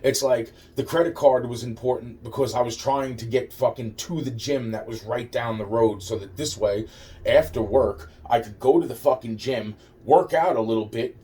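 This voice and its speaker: Mellow and mid-pitched, the man's voice comes across distant from the mic. He's telling a meandering tale about his own life, cursing throughout and breaking off to restart what he's saying.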